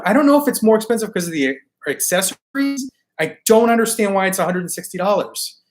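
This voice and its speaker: A hoarse man who is losing his voice, hosting a toy collecting live stream in a laid-back, slangy way as he answers viewer comments. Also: sits high. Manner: laid-back, chatty, slangy, often laughing.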